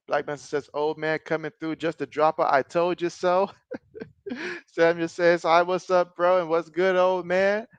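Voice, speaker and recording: High-voiced excitable man calling a game. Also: clear, resonant tone, dry recording, muffled recording. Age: 30s. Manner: excitable, reacts loudly to plays. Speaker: live-stream sports host. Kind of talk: casual live play-by-play and chat reading.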